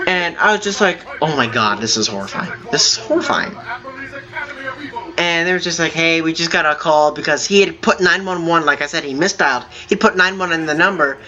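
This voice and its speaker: A man hosting a gaming video, telling a long story in a halting, rambling way with many fillers while he plays. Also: on the high side, sharp tone, dull audio. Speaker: gaming channel host. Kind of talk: telling a story over gameplay.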